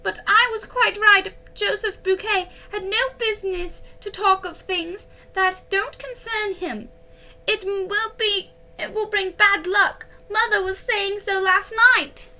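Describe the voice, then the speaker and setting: A woman voicing a frightened young ballet girl who speaks high and shrill, close to tears, in a storybook reading. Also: fairly even intonation, unhurried, bright, forceful tone, exaggerated voice, rough recording. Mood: tearful.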